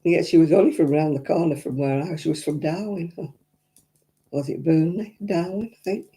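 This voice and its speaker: An older woman with a Lancashire accent chats with viewers on a crafting livestream. Her voice is low and very dark, with a gravelly fry at the ends of phrases. She rambles from story to story and laughs easily. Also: moderate pace. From Royton, North West England. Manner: chatty, rambling, frequent chuckles. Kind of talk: casual chat reading viewer comments.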